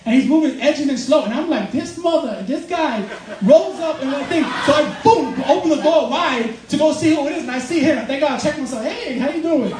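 A man preaching a sermon in a church, loose and joking, laughing through his points. His voice sits high and moves fast. The mic is set back, so the sound is roomy with faint noise behind. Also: distant mic. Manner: casual, joking, laughs often while preaching. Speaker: pastor.

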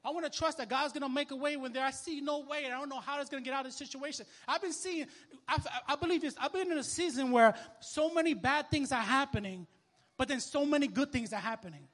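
A young man preaching a sermon as a minister, telling a story in casual, animated street talk. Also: very high-pitched, quick pace, in a large hall.

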